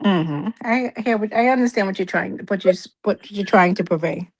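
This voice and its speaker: A middle-aged woman with a New York accent argues her view in a quick, casual debate. She talks fast and often breaks off words to restart them mid-thought. Her pitch sits in an ordinary middle range for a woman. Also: rough recording.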